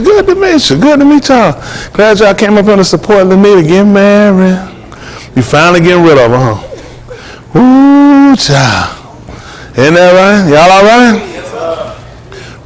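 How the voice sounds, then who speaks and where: An older man filming at a wedding with a handheld phone, teasing the guests and chatting with them in playful, casual banter. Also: fairly high pitch. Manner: playful, teasing, Southern Black vernacular speech. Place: wedding venue, indoors among guests.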